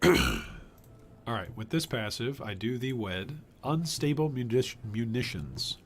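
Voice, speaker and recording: A man's voice: mid-range voice, expressive, measured pace, a little hiss or hum. A man giving casual live-stream commentary while he plays, thinking aloud and trailing off, his voice wearing thin. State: losing his voice. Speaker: gaming streamer.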